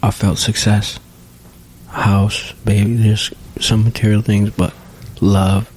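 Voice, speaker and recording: A young man speaking as a podcast guest in a candid, earnest conversation, halting often and leaning on "you know". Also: on the low side, level tone, darkish tone, slight background noise. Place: home basement studio.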